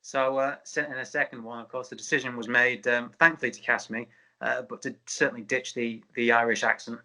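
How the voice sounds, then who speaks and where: A man, an actor, talking on a video call in a halting, self-deprecating way. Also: mid-range voice, flat delivery, sharp tone, low-quality recording. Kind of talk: casual video call chat.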